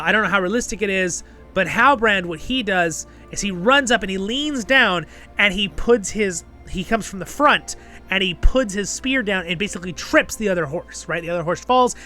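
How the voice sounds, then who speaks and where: Bright-voiced chatty male reviewer. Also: high voice. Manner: chatty, keeps tagging "right?" and "okay?". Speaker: show host and reviewer. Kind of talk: casual episode review commentary.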